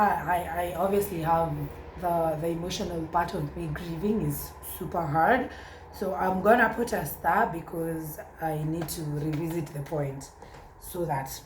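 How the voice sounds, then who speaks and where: A woman's voice: on the low side, echoey room, a little hiss or hum, low-quality recording. A woman with a Kenyan accent talking through a casual vlog, chatty and exclamatory, slipping between English and Swahili. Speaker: vlogger.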